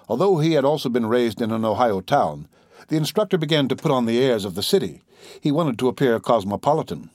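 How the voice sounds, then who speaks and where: A man narrating a classic literary story in a measured, expressive reading. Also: medium pitch, dry recording, studio quality. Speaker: audiobook narrator.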